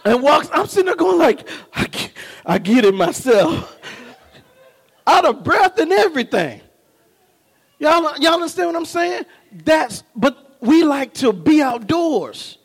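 A man preaching a sermon, animated and humorous, telling stories and often asking the congregation whether they follow him. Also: very high voice, a little slow, creaky. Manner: humorous storytelling with laughs. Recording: long reverb of a large hall.

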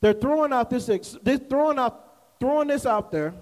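A man with a strikingly high voice delivers a sermon in loose, everyday talk and keeps checking in with his listeners. His words ring out with a long reverb off the walls of a large church sanctuary. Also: lively intonation, moderate pace, a little mellow. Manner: conversational preaching with call-and-response asides. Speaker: pastor. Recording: echoey hall reverb.

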